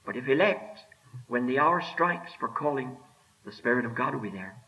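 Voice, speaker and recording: A man preaching a sermon with emphatic delivery, rising and dropping, slowing right down to stress his words. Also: medium pitch, expressive, sharp tone. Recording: dull lo-fi sermon recording.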